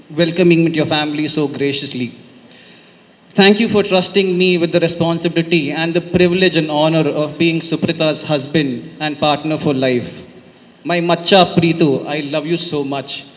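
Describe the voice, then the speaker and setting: A young man with a Konkani Indian English accent giving a heartfelt wedding reply speech at a podium, often adding "right?". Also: on the high side. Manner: heartfelt, tag questions "right?". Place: large banquet hall. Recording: long reverb of a large hall.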